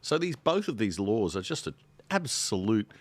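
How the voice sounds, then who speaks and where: A man's voice: fairly low pitch, sing-song, normal speed. An Australian man speaking as a guest on a panel podcast, earnest and emphatic in his views. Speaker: podcast guest, show host.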